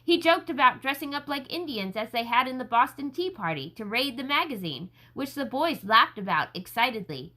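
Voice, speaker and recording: Bright expressive woman reading aloud. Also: normal speed, hardly any pauses. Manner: expressive, raises pitch for shouted lines. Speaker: audiobook narrator. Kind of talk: audiobook reading with character voices.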